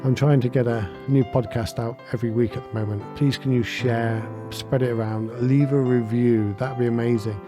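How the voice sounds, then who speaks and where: A middle-aged man hosting a reflective podcast, talking in an earnest, gentle and heartfelt way, chuckling often. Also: mid-range voice, steady tone, normal speed, few pauses, over music. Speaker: podcast host and spiritual teacher.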